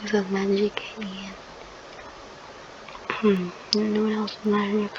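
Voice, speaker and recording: A woman's voice: mid-range voice, takes it slowly. A woman hosting her channel, improvising a fan-fiction story in a rambling, hesitant way as she searches for words. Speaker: channel host. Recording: dull lo-fi recording with steady noise.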